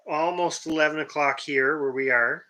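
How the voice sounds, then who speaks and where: Hoarse male co-host, slightly high pitch, chatty live-stream sign-off. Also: normal speed, low-quality recording. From Canada. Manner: relaxed, chatty, trails off with fillers. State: hoarse, losing his voice. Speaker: co-host of a homestead livestream. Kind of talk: casual late-night live chat.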